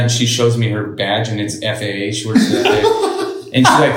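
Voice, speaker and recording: A man's voice: mid-range voice, very animated, fairly quick, reverberant, slight background noise, low-quality recording. A man as an interview guest, telling a story casually and bluntly, with lots of swearing and quoted dialogue.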